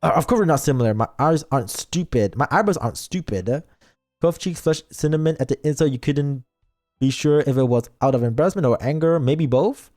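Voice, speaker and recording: A man streams as a VTuber, reading a story game aloud in a fairly high, darkish voice at normal speed while soft music plays behind him. He's playful, pausing the lines to throw teasing asides at chat.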